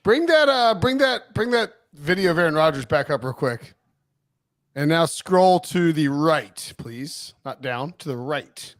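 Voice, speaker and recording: A man's voice: fairly high pitch, lively intonation, a little slow, no room sound, clean studio sound. A man co-hosting a sports podcast, rambling and teasing as he talks through football takes. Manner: rambling, self-correcting, teasing. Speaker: podcast co-host. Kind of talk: casual sports chat.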